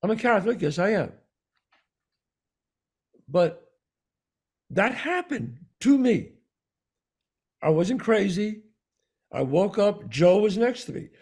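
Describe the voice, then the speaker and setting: A man with a New York accent, co-hosting a talk show and telling a personal story in an animated way, acting out the voices of the people in it. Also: sits high, takes it slowly, long pauses, husky. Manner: animated storyteller, acts out quoted dialogue. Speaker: podcast co-host. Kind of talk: storytelling in casual conversation.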